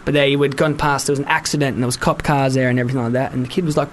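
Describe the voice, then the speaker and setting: A man co-hosting a casual podcast chat, telling quick animated anecdotes. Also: mid-range voice, slight background noise. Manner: quick, animated storytelling with laughs. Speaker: podcast co-host.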